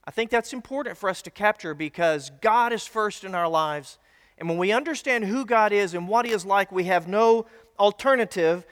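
In a church sanctuary with long hall reverb, a pastor preaches a teaching sermon in a high-pitched, slightly bright voice. He talks to the congregation in a relaxed, folksy way, adding little asides.

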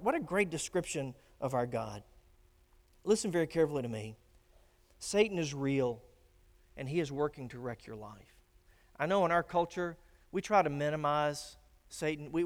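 A man preaching a sermon, swinging from emphatic declarations to hushed, grave warnings. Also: a little high. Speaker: pastor. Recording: long reverb of a church hall.

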